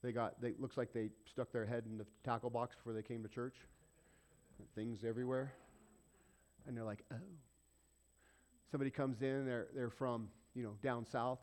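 A man's voice: mid-range voice, darkish tone. A man preaching a conversational sermon, asking rhetorical questions and repeating points for emphasis. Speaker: pastor.

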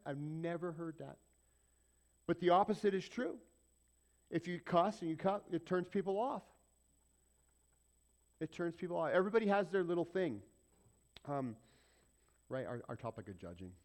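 A man's voice: fairly high pitch, darkish tone. Conversational man preaching a sermon. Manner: conversational, rhetorical questions, repeats for emphasis. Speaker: pastor.

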